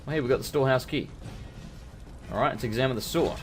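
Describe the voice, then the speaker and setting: A man casually commentating a game he plays, excitable, swearing often and talking back to the characters. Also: medium pitch, quick pace, faint music behind. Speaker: let's play host.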